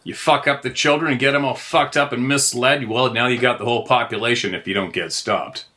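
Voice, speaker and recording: On his own show, a middle-aged man rants through a heated, profane monologue. His medium-pitched voice is bright and forceful, holding a steady tone at a brisk clip.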